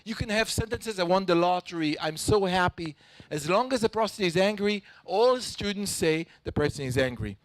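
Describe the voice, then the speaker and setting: A man giving a lively conference talk as a panel speaker, sometimes acting out tones of voice. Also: sits high, normal speed, no room sound, poor audio.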